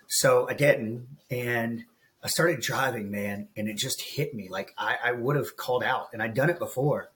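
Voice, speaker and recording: A man's voice: medium pitch, normal speed, fairly bright tone. A man around forty, a guest coach on a podcast, telling a personal story in an earnest, emotional way and calling the host bro. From United States. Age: about 40. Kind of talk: candid podcast interview.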